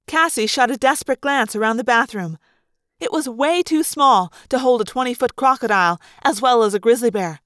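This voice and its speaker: A woman reading a first-person story aloud with animated, dramatic expression. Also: fairly high pitch, brisk, a little hiss or hum. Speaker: audiobook reader.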